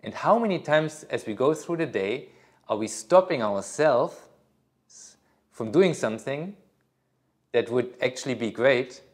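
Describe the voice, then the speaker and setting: A man's voice: mid-range voice, expressive, unhurried, long pauses. A middle-aged man, a yoga teacher, talking casually at a studio workshop, rambling with many fillers and restarts.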